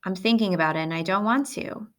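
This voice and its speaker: A woman's voice: mid-range voice, fast, lightly acted. A woman reading aloud, voicing a sulky, blunt ten-year-old boy who protests a lot. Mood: protesting.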